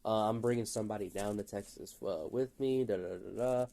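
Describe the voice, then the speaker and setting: A man's voice: on the low side, fairly quick, gravelly, warm tone. A man telling rambling, profane anecdotes in a casual, chatty way, often laughing at his own stories. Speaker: gaming channel storyteller.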